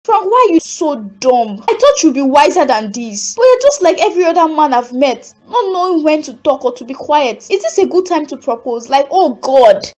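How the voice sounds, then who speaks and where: A woman with a Nigerian accent voicing a proud young woman in an animated drama, sharp and dismissive. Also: high-pitched, moderate pace, hardly any pauses. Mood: cold. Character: proud young woman leaving her lover.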